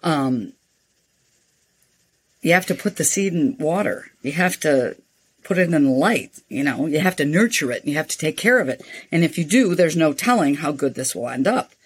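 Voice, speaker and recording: An older woman, a nonprofit founder, speaking as an interview guest and telling frank, animated stories. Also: deep voice, moderate pace, breathy edge. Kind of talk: interview storytelling.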